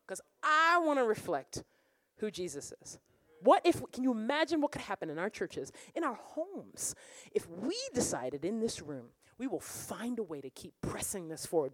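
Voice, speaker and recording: A woman worship pastor preaching a lively sermon, laughing and breaking into song now and then. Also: mid-range voice, dry recording. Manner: animated preaching, bursts of laughter, sings lines. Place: church or conference room.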